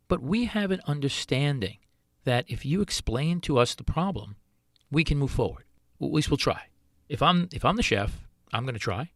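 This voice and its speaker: Earnest man with lively pitch. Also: moderate pace, dry recording, clean studio sound. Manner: earnest, rhetorical questions. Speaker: podcast host, chef. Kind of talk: solo podcast monologue.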